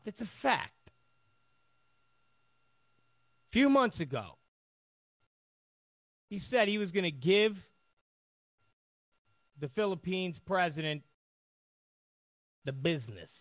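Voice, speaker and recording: Gravelly, rambling talk show host. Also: male voice, sits high, sing-song, measured pace, long pauses, no echo. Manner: rambling, many fillers, sarcastic. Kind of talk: political commentary talk show. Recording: tinny phone-like line.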